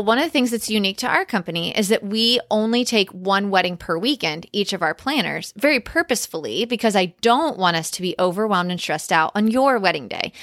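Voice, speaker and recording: A woman's voice: mid-range voice, a bit bright, no room sound, clean studio sound. Chatty woman wedding planner podcasting. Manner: chatty, emphatic, lots of "like" and quoted asides. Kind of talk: casual podcast monologue.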